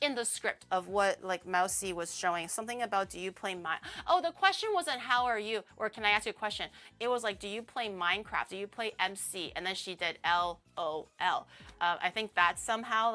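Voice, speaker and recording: A woman's voice: mid-range voice, fairly bright tone. A young woman streamer telling a story in a casual, rambling way, often laughing as she goes.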